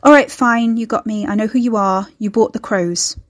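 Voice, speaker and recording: A woman's voice: a little high, moderate pace, natural voice. A woman voicing an eager, chatty young supervisor who is bursting with curiosity.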